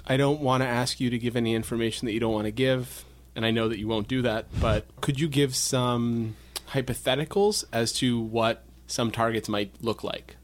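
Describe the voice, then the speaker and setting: A man's voice: mid-range voice, fairly even intonation, moderate pace. Polite male interviewer, careful. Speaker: co-host interviewer.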